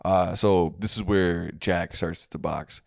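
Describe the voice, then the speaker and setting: Male podcast co-host, very low with a gravelly edge, loose and profane. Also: fairly even intonation, slow pace, no echo, studio quality. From family from a third world country. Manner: laid-back, crude, many fillers and restarts. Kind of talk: casual comedy podcast chat.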